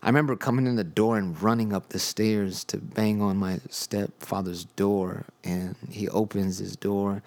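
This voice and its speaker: A man's voice: on the low side, fairly even intonation, moderate pace, few pauses, a little mellow. A young man hosting a podcast, telling his personal testimony in a loose, conversational way with lots of fillers. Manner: conversational storytelling with many fillers. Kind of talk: casual spoken testimony.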